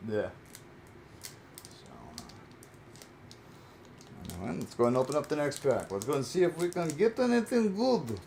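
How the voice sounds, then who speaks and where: A man's voice: mid-range voice, big pitch swings, normal speed, gravelly, long pauses, warm tone, slight background noise. Chatty man opening trading cards. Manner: chatty, repeats phrases. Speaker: channel host. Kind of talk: casual card-opening chat.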